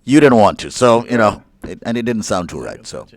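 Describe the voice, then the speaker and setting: A man co-hosting a live radio talk show, teasing his partner in a lively way. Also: on the low side, brisk. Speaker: radio co-host.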